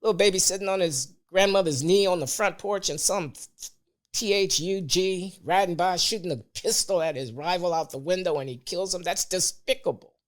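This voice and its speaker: A man talking as a podcast guest, measured and deliberate, pressing hard on key words. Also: high-pitched. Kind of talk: conversational opinion talk.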